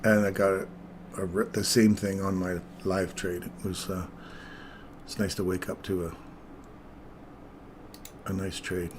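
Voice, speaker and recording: A man's voice: low voice, level tone, measured pace, pauses often, background noise. A man giving casual live commentary on his market trades, chatting with viewers as he works through the charts. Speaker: trading streamer.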